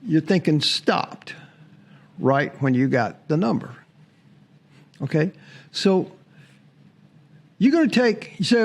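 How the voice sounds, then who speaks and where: A man's voice: fairly high pitch, very animated, slow pace, creaky, pauses often. Chatty man hosting a sports show. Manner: chatty, laughs often, mocks commenters. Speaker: sports podcast host. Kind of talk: casual monologue to viewers.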